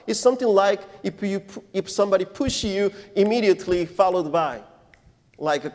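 A male pastor giving a sermon in non-native English phrasing, preaching deliberately and emphatically and putting questions to his congregation. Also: high voice, a little mellow. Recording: long reverb of a church hall.

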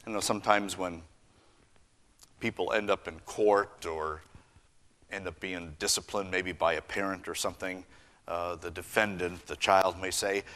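A man preaching a sermon, earnest, swinging between raised emphasis and hushed lines. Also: low voice, fairly even intonation, moderate pace. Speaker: pastor.

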